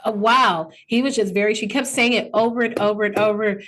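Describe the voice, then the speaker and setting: A woman's voice: medium pitch, fairly even intonation, fairly quick, a crowd in the background. A woman co-hosting a boxing talk show, chatting casually in a playful, joking, colloquial way. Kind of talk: casual chat.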